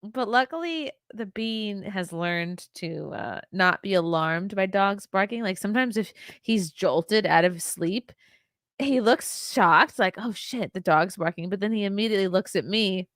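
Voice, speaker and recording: Lively woman chatting casually with dry sound. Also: mid-range voice, unhurried, no room sound. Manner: lively, laughs often, swears casually. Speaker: podcast host. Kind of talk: casual chat.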